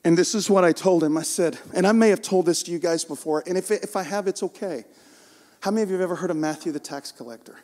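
A man preaching a passionate sermon, rising to shouts and dropping to hushed storytelling. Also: high-pitched, quick pace.

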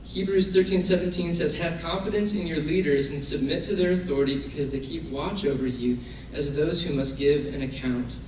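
A man's voice: on the high side, brisk, few pauses, a little mellow. A man preaching a casual, conversational sermon and acting out the people in his stories. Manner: casual, conversational, acts out quoted figures. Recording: very echoey room from far off, faint noise.

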